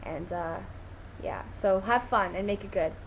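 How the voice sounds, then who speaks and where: A teenage girl, talking a little slowly, tells a casual, rambling story on her vlog with many ums and restarts and sudden excited, high-voiced quotes. It's a rough recording with slight hiss or hum.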